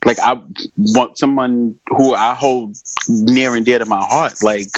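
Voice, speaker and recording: A man's voice: medium pitch, fairly even intonation, measured pace, no room sound, muffled recording. A man hosting a podcast, speaking in a reflective, thoughtful way in casual chat.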